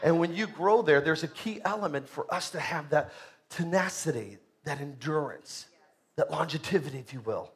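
A man, a pastor, preaching a sermon in a church, emphatic and rising loud on key points. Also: a little high, expressive, normal speed.

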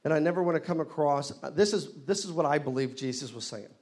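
A man preaching a sermon in a church, leading the congregation in call-and-response and rising to loud exclamations. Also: a little high, fast. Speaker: pastor. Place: church hall.

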